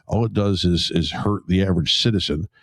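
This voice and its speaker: Brief: male co-host, low voice, emphatic and opinionated, repeats himself while arguing, dry close sound. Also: brisk, dry recording. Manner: emphatic and opinionated, repeats words as he builds a point. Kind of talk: casual political chat.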